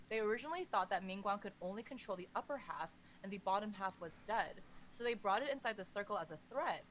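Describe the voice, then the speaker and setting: A woman's voice: medium pitch, a bit bright, a little hiss or hum. A woman co-hosting a podcast who recaps a novel in a chatty way, stopping to react as she goes. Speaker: podcast co-host. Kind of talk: casual story recap.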